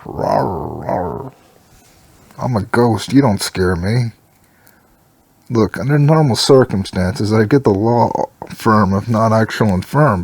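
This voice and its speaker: A man's voice: on the low side, darkish tone, breathy edge, no room sound. A man reading a story aloud, giving every part in his own plain voice. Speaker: story reader.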